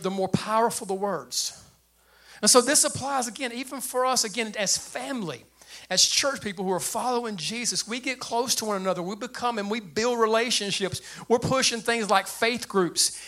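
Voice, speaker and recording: An older man preaching with a high voice that sits well above most men's. His tone is bright and forceful, and he talks in a lively, plain way to his congregation. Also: moderate pace. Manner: animated preacher with a light, high voice and plain speech. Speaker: pastor. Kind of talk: sermon.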